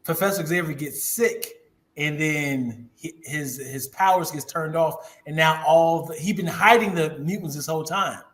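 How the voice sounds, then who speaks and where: Brief: male co-host, slightly high voice, halting but excitable. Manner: halting, searching for words, excitable. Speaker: podcast co-host. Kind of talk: casual chat.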